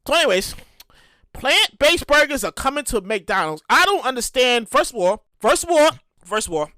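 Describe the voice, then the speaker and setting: Animated, foul-mouthed woman podcast host. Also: high-pitched, dry recording, studio quality. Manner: animated, profane, repeats herself and acts out quotes. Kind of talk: casual solo podcast commentary.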